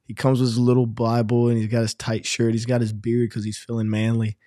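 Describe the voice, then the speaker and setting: A man's voice: mid-range voice, monotone, fairly quick, dark tone, no room sound, clean studio sound. Teasing male podcast host. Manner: teasing, storytelling. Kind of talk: casual chat.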